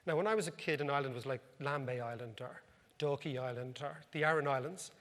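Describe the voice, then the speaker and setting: A man's voice: medium pitch, fairly quick, fairly bright tone. An Irish man, an economic commentator, telling wry anecdotes in a humorous talk to a live audience. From Ireland. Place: club function room. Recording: reverberant hall.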